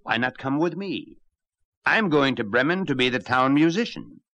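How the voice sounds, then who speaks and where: A man's voice: medium pitch, lively intonation, moderate pace, sharp tone, dry recording, highs cut off, pitched above the performer's own voice. Man doing a kindly old donkey. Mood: friendly. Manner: friendly, encouraging.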